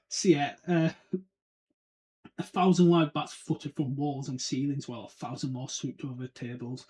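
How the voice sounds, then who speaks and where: A man hosts a podcast, casually talking through a book chapter, laughing a lot and dropping into silly character voices. His voice is husky and darkish in tone, medium in pitch, with fairly even intonation at a normal speed.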